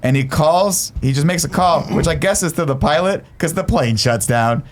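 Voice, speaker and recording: A man's voice: on the high side, moderate pace, a little hiss or hum. A man in his thirties casually recapping a movie as a podcast host, acting out quoted lines with swearing. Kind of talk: casual movie review chat.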